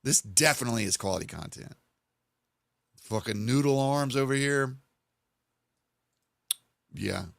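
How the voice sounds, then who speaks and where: A man hosting a live stream, hoarse with his voice almost gone, mocking and laughing. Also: mid-range voice, measured pace, long pauses, no echo. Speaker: streamer host.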